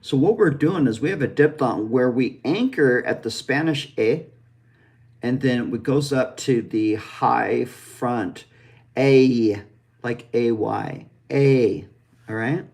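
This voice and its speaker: A man gives a pronunciation lesson at a slow, deliberate pace. He speaks directly to the learner with plenty of encouragement. He draws out sounds so they can be repeated back to him. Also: mid-range voice, expressive. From United States. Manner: demonstrative, stretches out drawn sounds for practice. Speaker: pronunciation teacher.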